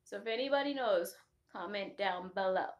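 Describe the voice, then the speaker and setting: A young woman from Africa, chatting casually to camera and telling animated stories full of tangents and laughter. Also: mid-range voice, normal speed. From South Africa. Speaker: vlogger.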